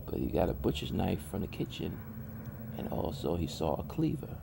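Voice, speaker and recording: A man's voice: deep voice, sing-song, moderate pace, vocal fry, noisy background. A man casually narrating a horror story in a drawling, colloquial way with loose grammar.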